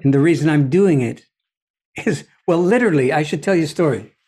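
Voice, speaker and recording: Male guest with a measured, reflective delivery and a somewhat raised pitch; a thoughtful storyteller. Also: warm tone, breathy edge. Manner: deliberate, philosophical, often asks "you see?". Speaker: podcast guest.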